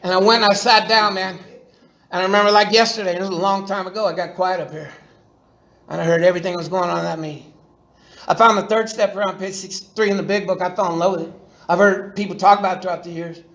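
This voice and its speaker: A middle-aged man shares his recovery story in a meeting room, his voice high, steady, quick and slightly bright. He talks in a profane, slangy way and keeps restarting his sentences. The recording carries the room's echo.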